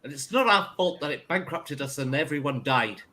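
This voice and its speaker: A man's voice: fairly high pitch, animated, a little fast, crowd noise, natural voice. A man voicing a proud, bitter Scottish woman leader in a tabletop game, in a put-on Scottish accent that slips toward Irish, grandly sarcastic. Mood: proud welcome. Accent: attempted Scottish drifting into Irish. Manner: grandly sarcastic, theatrical grievance.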